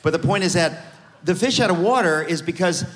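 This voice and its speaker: A man with a slightly high voice tells his story with animated, joking energy. He sounds like a guest author on stage at a live event. Long reverb from a large hall trails behind each phrase. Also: fairly quick. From United States.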